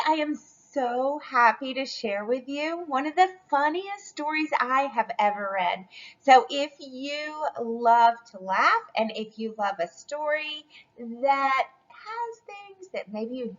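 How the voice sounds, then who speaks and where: A woman's voice: on the high side, highs cut off. Cheerful woman teacher reading aloud. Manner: cheerful, encouraging teacher talk. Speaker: school curriculum specialist. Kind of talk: read-aloud lesson for children.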